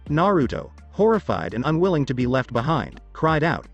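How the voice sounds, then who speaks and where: Man narrating a story, lively pitch. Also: normal speed, highs cut off, soft background music.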